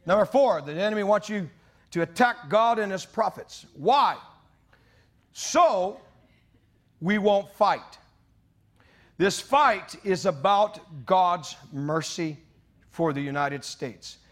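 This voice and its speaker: A man's voice: high-pitched, expressive, slow, long pauses. Impassioned man preaching a sermon. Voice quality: mock British voice for God's words. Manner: impassioned preaching, rising to shouts. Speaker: pastor.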